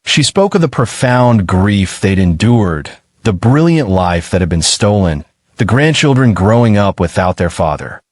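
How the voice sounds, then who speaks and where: A man narrating a true-crime documentary in a measured, scripted way. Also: lowish voice, lively intonation, dry recording, studio quality.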